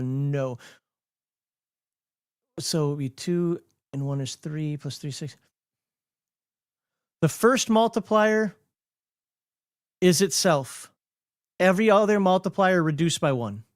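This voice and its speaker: A man with a Minnesotan accent talks through game rules on a casual livestream. His voice sits a bit high and sounds dry and close. He rambles, corrects himself mid-thought and laughs often. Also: clear, resonant tone, no room sound. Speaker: host explaining game rules.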